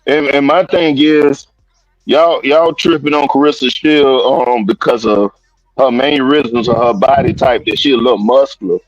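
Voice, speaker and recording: A man chatting on a panel, halting and searching for his words with many ums. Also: mid-range voice, steady tone, no room sound, highs cut off, soft background music. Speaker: guest panelist. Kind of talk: casual chat.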